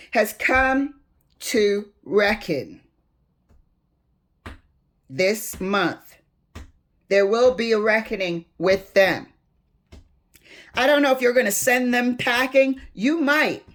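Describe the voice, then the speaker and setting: A woman's voice: medium pitch, slow, long pauses, fairly bright tone. A woman reading tarot cards, speaking emphatically to spirit as she draws them and building into heated stresses. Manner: emphatic, swings into heated outbursts; addresses spirit while drawing cards. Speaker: tarot reader.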